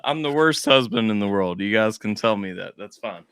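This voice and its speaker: Bright-voiced excited male streamer. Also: on the low side, normal speed, clear, resonant tone. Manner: excited storytelling, loud bursts. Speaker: stream host. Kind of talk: casual livestream chat.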